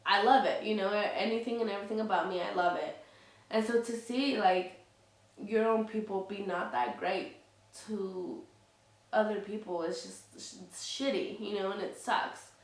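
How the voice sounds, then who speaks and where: Fired up and candid, this outspoken woman of Latina heritage chats casually to her audience, cursing often and saying "you know" a lot. She talks at a moderate pace with a steady tone and an ordinary mid pitch. Being far from the microphone gives the sound a roomy quality.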